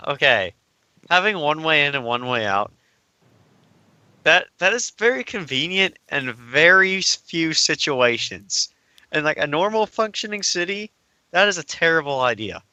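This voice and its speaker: A man's voice: fairly high pitch, sing-song, unhurried, bright, forceful tone, clear, resonant tone, no room sound. A young man co-hosting a podcast, asking wry questions in casual chat. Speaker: podcast co-host.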